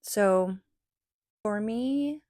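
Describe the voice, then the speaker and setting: An American woman in her thirties hosts a solo podcast, reflecting earnestly and chattily on spirituality and rest, often ending sentences with "right?" Her voice is medium-pitched and darkish, very slow, in studio quality with no room sound.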